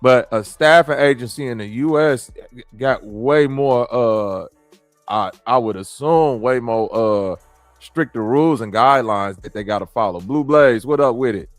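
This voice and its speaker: Midwest dude streaming, cussing and going off at chat, dry close mic, little music in the back. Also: male voice, mid-range voice, measured pace, no echo. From American Midwest. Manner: blunt, profane, slangy, talks to chat. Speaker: streamer host reacting to clips. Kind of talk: casual commentary with chat.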